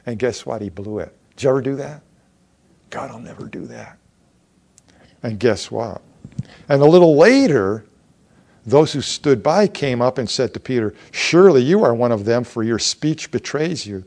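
A pastor preaches a sermon in an animated, medium-pitched male voice with a darkish tone, speaking at normal speed. He reads scripture aloud, acts out the voices of its figures, and puts questions to the congregation.

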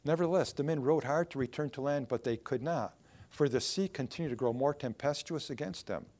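A man's voice: mid-range voice, a little fast, darkish tone. A male pastor preaching a sermon in a conversational way, asking the congregation rhetorical questions as he goes.

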